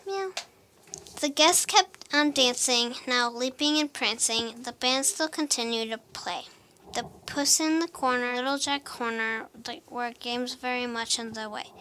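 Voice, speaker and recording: Woman storyteller, sing-song rhythmic reading, unhurried pace, faint hiss behind. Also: high-pitched, pushed and bright. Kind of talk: reading a rhyming children's story aloud.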